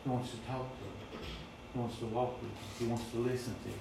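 A man's voice: medium pitch, steady tone, fairly quick, creaky, noisy background. A man preaching a sermon in an emphatic, repetitive cadence in a church. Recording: very echoey, distant mic.

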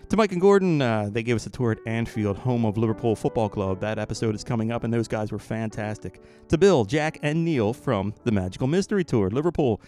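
A man hosting a podcast, giving a run of friendly, jokey thank-yous and shout-outs in an upbeat, chatty way. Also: medium pitch. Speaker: podcast host.

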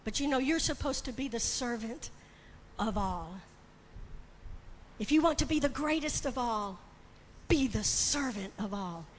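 Woman preacher, impassioned sermon, slow delivery, reverberant hall, faint room noise. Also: fairly high pitch, lively intonation. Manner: impassioned, building to shouting and tearful crying.

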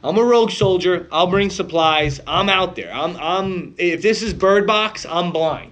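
A man's voice: sits high, a little slow, a bit bright. A man co-hosting a podcast, joking and rambling with plenty of swearing. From United States. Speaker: podcast co-host. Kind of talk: casual chat.

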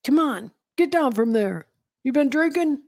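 Woman doing a gruff New York cop. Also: high voice, animated, unhurried, a little mellow, dry recording, studio quality, voice pushed up. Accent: attempted New York. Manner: barking, gruff, sarcastic. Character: gruff middle-aged male police officer.

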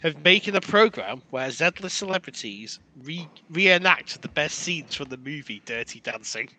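A British man co-hosting a podcast, ranting and swearing in casual banter, quick to laugh. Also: fairly high pitch, animated, sharp tone, slight background noise. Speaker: podcast co-host.

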